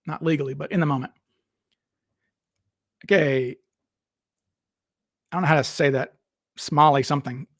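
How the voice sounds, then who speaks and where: A man's voice: fairly high pitch, dry recording, clean studio sound. A man hosting a casual live stream, rambling and restarting his sentences as he talks to viewers in chat. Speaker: livestream host.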